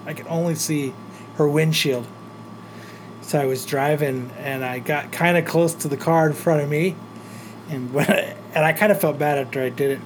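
Guy swearing thru a road rage story, kinda high voice, faint hum behind. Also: normal speed. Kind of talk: casual chat.

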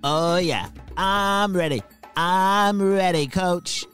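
A man voicing an eager young male snake wrestler in a kids' story, chirpy and excited. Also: high-pitched, slow, faint music behind, pitched above the performer's own voice.

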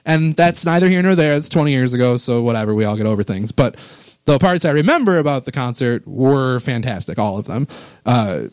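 A man's voice: medium pitch, expressive, fairly quick, a little mellow, dry recording. A man in his thirties or forties hosting a casual music podcast, rambling with enthusiasm and getting emotional about favorite records, on a close microphone. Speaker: podcast host.

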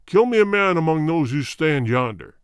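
Stern old king voiced by a guy, slow, deep, bossy, disdainful. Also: very animated, smooth, dry recording, studio quality. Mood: commanding. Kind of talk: audiobook character voice.

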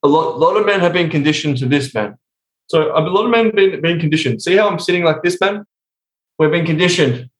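A young adult man speaking as a coach in a casual podcast interview, swearing constantly as he tells animated stories. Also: on the high side, a little fast. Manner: profane, animated storytelling. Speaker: sex and intimacy coach, guest. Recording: roomy echo.

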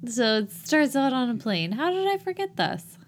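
A woman's voice: high-pitched, big pitch swings, moderate pace, a little hiss or hum. A woman co-hosting a casual podcast chat, playful and self-mocking. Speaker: podcast co-host.

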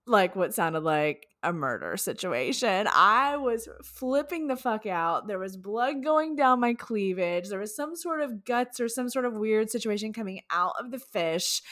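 Casual podcast host, woman; animated, profane storyteller with a swooping pitch.

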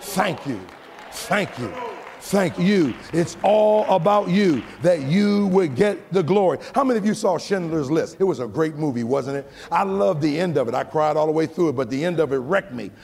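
An American pastor preaching a sermon, with a rhythmic preaching cadence that rises into shouted, half-sung peaks. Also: male voice, a little high, animated, a little fast, gravelly, hardly any pauses. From United States. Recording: long hall reverb.

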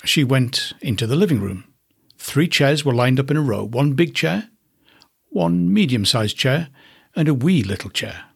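A man, a podcast host, narrating a children's storybook in an expressive, unhurried way. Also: medium pitch, gravelly, slightly rough.

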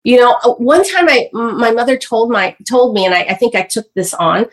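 A woman in her fifties, a guest author on a podcast, telling her story in an animated way with many fillers. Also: a little high, a little fast. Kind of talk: podcast interview.

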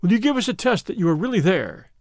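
Man voicing an excitable seance-goer, high lively voice, a bit flustered, storybook reading. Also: quick pace, no room sound, studio quality. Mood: excited. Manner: excited, eager, a little flustered. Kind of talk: audiobook reading.

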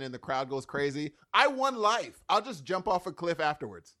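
High-pitched guy hosting a podcast, super lively, joking around. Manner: animated, jokey, quick interjections. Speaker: podcast host. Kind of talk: casual podcast banter.

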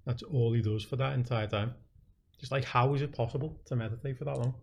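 A man's voice: medium pitch, fairly even intonation, brisk, creaky, slight background noise. Young man, podcast host, chatty and laughing, rambling anecdotes. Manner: laughs a lot, rambling storyteller. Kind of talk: casual chat.

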